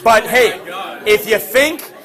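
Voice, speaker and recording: A male teacher retelling an ancient myth to his class in a jokey, slangy, animated way, with many fillers. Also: high-pitched, takes it slowly, a crowd in the background. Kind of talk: classroom storytelling lecture. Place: classroom with students.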